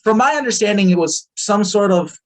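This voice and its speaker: Rambling man with a raised pitch. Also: expressive, a little fast. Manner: rambling, filler-heavy, swears freely. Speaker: podcast guest. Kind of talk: casual storytelling interview.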